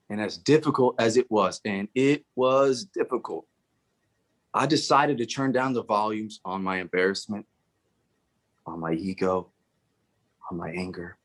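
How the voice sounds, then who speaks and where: A man's voice: mid-range voice, a bit bright. A man giving a dramatic storytelling speech at a speaking club, theatrical and acting out the people in his story. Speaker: Toastmasters speaker.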